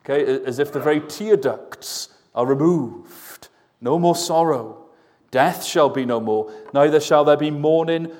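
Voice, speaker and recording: Slow earnest preacher in an echoing church. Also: male voice, a little high, a little mellow. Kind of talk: sermon. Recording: long church reverb, voice at a distance.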